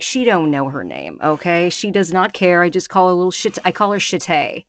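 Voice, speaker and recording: A woman's voice: lowish voice, very animated, normal speed, dry recording. A woman guest on a podcast, talking in a brash, crude, joking way. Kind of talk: casual chat.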